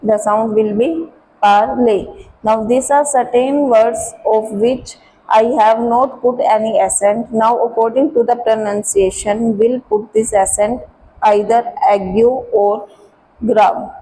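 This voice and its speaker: A woman with an Indian English accent teaching a French class, slowly explaining accents and repeating sounds and letters step by step. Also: fairly high pitch, fairly even intonation, warm tone, poor audio. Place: school classroom. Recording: faint background noise.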